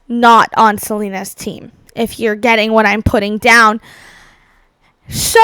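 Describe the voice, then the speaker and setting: A woman's voice: fairly high pitch, fairly bright tone, dry recording. A young woman doing chatty, rambling commentary over a game house tour, bubbly and dramatic, full of fillers. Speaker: Sims builder and YouTuber.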